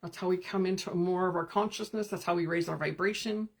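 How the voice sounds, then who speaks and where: On her live stream, a spiritual coach with a lowish voice guides listeners calmly and gently through meditative reflections. She pauses along the way and replies to what viewers write in.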